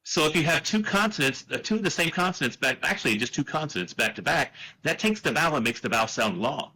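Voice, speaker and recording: A man's voice: a little high, animated, quick pace, sharp tone, poor audio. A man from the United States with a slight Texan accent, chatting casually on a podcast, joking and going off on tangents. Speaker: podcast guest.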